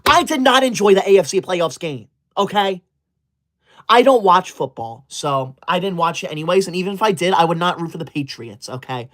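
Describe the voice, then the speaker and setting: With a high, slightly bright voice, lively intonation, and a normal pace, a man parodies a rule-obsessed, sensitive young livestreamer. He comes across as prim and stiffly formal, constantly scolding.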